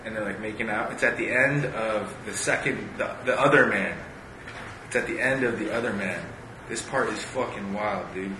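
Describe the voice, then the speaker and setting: A man talking casually about a book, rambling with lots of fillers and reading passages aloud. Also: medium pitch. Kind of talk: casual chat. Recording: echoey room with steady background noise.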